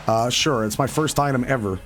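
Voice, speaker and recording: A man's voice: mid-range voice, brisk, fairly bright tone, faint music behind. A man streaming a video game, rambling and profane about a dream and the game. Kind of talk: casual game stream commentary.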